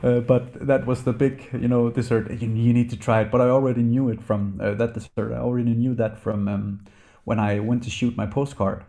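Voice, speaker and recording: A man's voice: medium pitch, level tone, fairly quick, vocal fry, few pauses, warm tone. A man talking in a casual interview as the guest, hesitant with many fillers and restarts.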